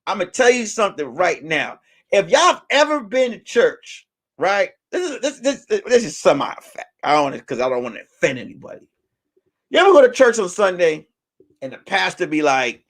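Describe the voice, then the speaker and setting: A man hosting a live stream, telling stories in a loud, animated and profane way that breaks into shouts on punchlines. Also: high voice, moderate pace. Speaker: host. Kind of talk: casual live-stream storytelling.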